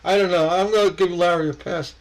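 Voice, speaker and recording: A man's voice: high-pitched, steady tone, a little fast, rough recording. A man hosting a casual stained glass livestream, rambling and chuckling as he reacts to viewers' posts, often stammering and repeating words.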